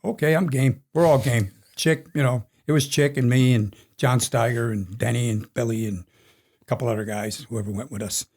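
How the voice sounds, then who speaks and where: A man's voice: mid-range voice, steady tone, normal speed, a little mellow. A man in his sixties, a racing crew chief, telling rambling stories in a casual interview with frequent chuckles. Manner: rambling anecdotal storyteller, chuckles often. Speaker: NASCAR crew chief guest.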